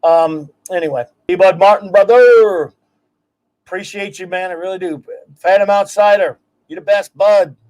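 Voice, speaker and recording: A man hosting a casual livestream, talking in an enthusiastic, rambling way and giving effusive shout-outs. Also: sits high, steady tone, normal speed. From United States. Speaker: host.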